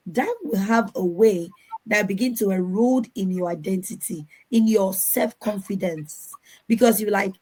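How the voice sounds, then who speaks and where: Animated woman panelist. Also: medium pitch, normal speed, low-quality recording. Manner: animated, acts out quoted voices. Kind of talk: panel Q&A answer.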